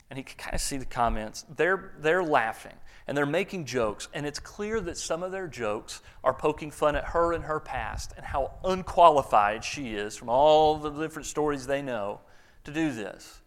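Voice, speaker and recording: A man's voice: fairly high pitch, expressive, moderate pace. A man preaching a sermon, telling a story earnestly with small restarts.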